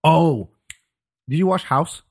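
A man from France with a French accent, hosting a podcast in casual chat, animated and swearing freely, with many restarts. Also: fairly high pitch, slow pace, slightly rough. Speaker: podcast host.

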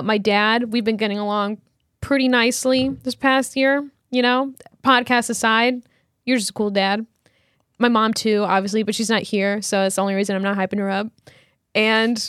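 A young woman in her twenties co-hosts a podcast in relaxed, casual chat. Her voice sits fairly high, and she tells stories with animated energy and frequent laughter. The recording is close and dry, with no room sound. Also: normal speed, no room sound. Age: 20s. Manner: animated storytelling, laughs often. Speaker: podcast co-host.

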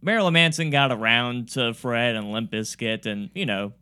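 A man with a bright, smooth voice talks casually on a podcast. He rambles through his points, full of "um"s and restarts. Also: mid-range voice, moderate pace. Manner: rambling, many fillers and restarts. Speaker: podcast host. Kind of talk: casual chat about comedy.

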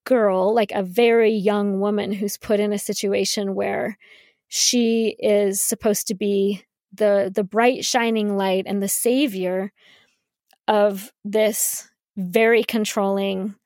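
A woman hosting a talk podcast in a relaxed, conversational way, full of "you know" and "like" and the odd light laugh. Her voice sits at a middling pitch and is recorded close and dry, with no room sound. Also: slow, dry recording. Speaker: podcast host. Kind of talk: casual discussion, reading quotes aloud.

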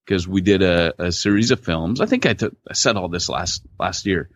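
A man's voice: sits low, moderate pace, no echo. A man co-hosting a podcast, telling stories in casual chat with laid-back slang over a remote call mic. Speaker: podcast co-host. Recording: dull lo-fi dry audio.

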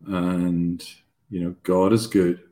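A man's voice: low-pitched, level tone, takes it slowly, warm tone. A man co-hosting a podcast in casual conversation about faith, joking at his own expense and then turning earnest. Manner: jokey and self-deprecating, then earnest. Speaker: podcast co-host.

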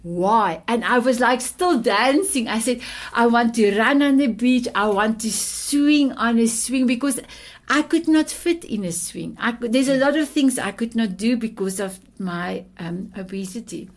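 A woman's voice: fairly high pitch, moderate pace. A woman in her fifties from South Africa with a South African accent and Afrikaans as her first language, telling her personal story as a podcast guest in a heartfelt, affectionate way. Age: 50s. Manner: heartfelt, affectionate, repeats endearments.

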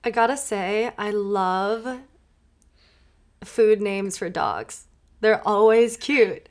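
A woman's voice: medium pitch, slow pace. A woman from Minnesota hosting a casual chat with friends, bubbly and laughing often. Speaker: host.

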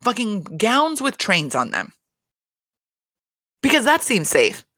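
A woman's voice: mid-range voice, takes it slowly, dry recording. Dry, close-miked woman chatting casually. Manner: rambling, expressive, swears and laughs often. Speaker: reality TV recap podcaster. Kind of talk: casual solo recap chat.

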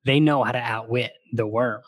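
A man co-hosting a book podcast, casually retelling and reading passages aloud, slipping into quick character quotes. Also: mid-range voice, fairly even intonation, no echo.

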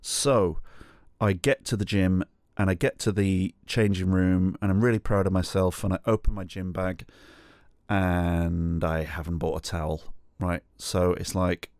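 Self-mocking middle-aged Englishman, low voice. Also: level tone, a little slow, a little mellow, dry recording, clean studio sound. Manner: self-mocking, sweary, acts out quotes in a high pleading voice. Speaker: podcast host. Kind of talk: solo comedic storytelling.

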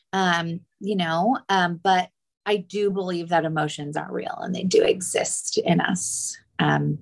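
A young woman hosting a podcast interview, talking in a chatty, rambling way and jumping up high when she quotes others. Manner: animated, rambling, jumps high for quoted voices. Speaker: podcast host. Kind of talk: casual interview chat.

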